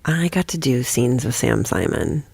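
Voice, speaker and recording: A woman spills stories at a rush, swearing casually as she goes. Her voice carries a steady gravelly fry, and the sound is close and dry with no room around it. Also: extremely low pitch, no echo. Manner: rapid, animated, swears freely. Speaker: guest, comedic actress. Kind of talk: casual podcast storytelling.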